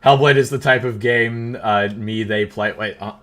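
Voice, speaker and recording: Male stream host with a bright voice, sarcastic and quick to laugh. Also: on the low side, fairly even intonation. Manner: mocking, laughs often. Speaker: livestream host. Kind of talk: casual reaction stream chat.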